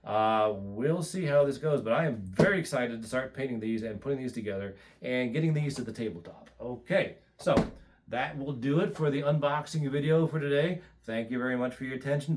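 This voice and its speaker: A man hosting an unboxing video, chatty and animated, with many asides and fillers. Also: mid-range voice, noisy background. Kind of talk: excited casual unboxing.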